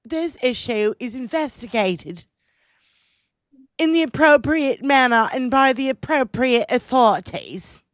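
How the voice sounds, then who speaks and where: Stuffy royal with a hammy put-on English accent, a woman sending him up; slow, mock-grave reading. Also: high-pitched, expressive, no echo, clean studio sound. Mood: mock-solemn. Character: a stiff royal reading a formal palace statement.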